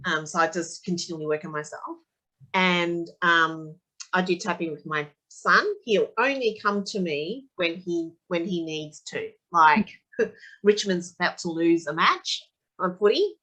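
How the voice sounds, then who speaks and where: Aussie woman on an interview, bright forceful voice, chatty and animated, acts out little quotes. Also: lowish voice, a little slow, poor audio. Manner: animated storyteller, acts out quotes of her son. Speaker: EFT tapping practitioner, guest. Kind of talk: casual conversational interview.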